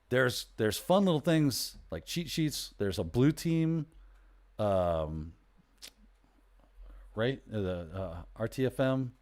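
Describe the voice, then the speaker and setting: A man hosting a casual livestream, rambling chattily and correcting himself as he goes. His pitch moves around animatedly, rising and dipping through each thought. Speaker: host.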